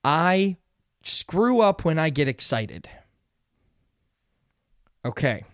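A man's voice: a little high, very animated, drawn-out words, a bit bright, smooth, no room sound, studio quality. A young man hosting a solo motivational podcast, talking earnestly and conversationally and often checking in with "right?". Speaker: podcast host.

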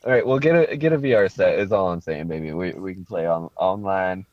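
A man's voice: low voice, fairly quick, no echo. A man in his thirties co-hosting a casual podcast, goofy and swearing freely, often slipping into joke voices. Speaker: podcast co-host. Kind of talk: casual chat. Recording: dull lo-fi dry sound.

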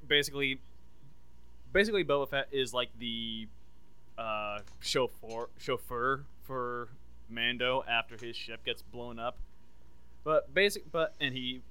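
A man with a bright, crisp, clear voice talks in a loose, rambling podcast chat. He is enthusiastic and pitches ideas as he goes. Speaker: podcast co-host. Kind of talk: casual chat.

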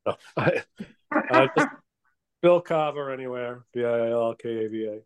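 A man's voice: medium pitch, normal speed, clear, resonant tone. A man guesting on a podcast, joking around playfully. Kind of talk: casual podcast chat.

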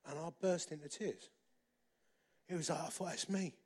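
A man preaches by telling his own story. He is animated and jokes at his own expense. His speaking voice sits somewhat high. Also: normal speed, breathy edge. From England. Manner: animated, self-deprecating humour. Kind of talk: storytelling sermon.

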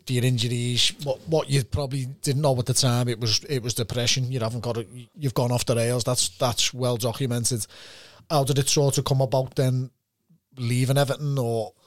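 A man's voice: medium pitch, no room sound. A man hosting a casual interview, asking laid-back questions between short interjections. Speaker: interviewer, host.

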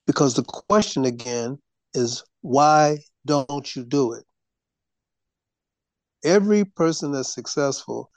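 A man hosting a show, giving slow, lecturing commentary to his audience. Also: medium pitch, a little mellow, no room sound. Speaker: host. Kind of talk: preachy commentary.

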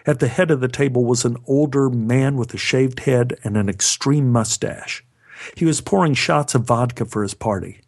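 A man's voice: mid-range voice, moderate pace, darkish tone. A man narrating a personal story with a wry, dry humor. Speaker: storyteller, actor.

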